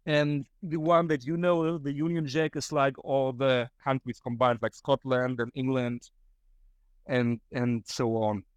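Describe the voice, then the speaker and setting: A man's voice: mid-range voice, little pitch movement, measured pace, clean tone, dry recording. A young German man with a German accent, rambling through a casual solo podcast story, swearing and laughing often. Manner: rambling, profane, laughs often, acts out quotes. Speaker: podcast host.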